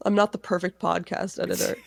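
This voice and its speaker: Young woman, podcast co-host, casual and wry, gravelly fry, dry booth sound. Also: fairly low pitch, level tone, brisk, no echo. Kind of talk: casual chat.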